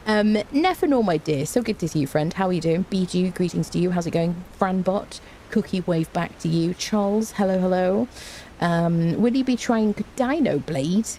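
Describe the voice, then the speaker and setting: A woman's voice: on the low side, lively intonation, normal speed, warm tone, slight background noise. A woman with a cold, chatting playfully with her live-stream viewers and greeting them by name from home. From Britain. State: has a cold. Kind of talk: casual live-stream chat. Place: indoors at home.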